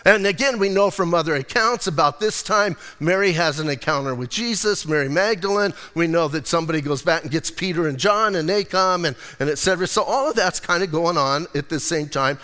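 A male pastor preaching a lively, conversational sermon and acting out quotes as he goes. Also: fairly high pitch, a little fast, few pauses, in a large hall.

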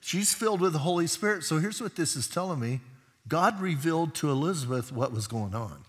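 A male pastor preaches a sermon in a church, his voice sitting a bit high for a man. He keeps it chatty and animated and slips into voices for the people he talks about. The sound rings with a long hall echo. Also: brisk, breathy edge. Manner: lively, conversational preaching that acts out voices. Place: church sanctuary.

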